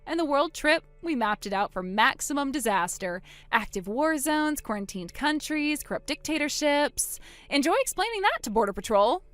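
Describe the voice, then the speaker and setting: A woman voicing a wronged older sister in a dramatized text-message story, speaking quietly and deliberately. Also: high voice, sing-song, no echo, soft background music. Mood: cold.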